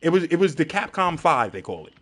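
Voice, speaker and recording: Give me a male streamer with a high-pitched, swooping voice, ranting hard at his chat. He is animated and crude, and his tone climbs and dips all the time. He is a young adult talking casually over his gameplay. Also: brisk. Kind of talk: live-stream gaming commentary.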